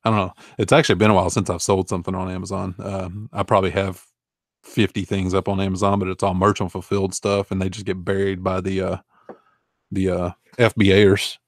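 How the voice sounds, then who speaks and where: A man's voice: deep voice, level tone, brisk, no room sound, studio quality. A man in his forties, an online reseller, chatting casually and rambling through viewer questions with easygoing fillers and chuckles. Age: 40s. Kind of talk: casual live Q&A chat.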